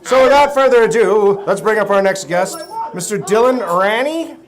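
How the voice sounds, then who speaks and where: A woman's voice: mid-range voice, a little fast. A woman hosting a live comedy talk show in a bar, teasing her guests with bawdy jokes. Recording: loud bar crowd noise. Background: crowd chatter.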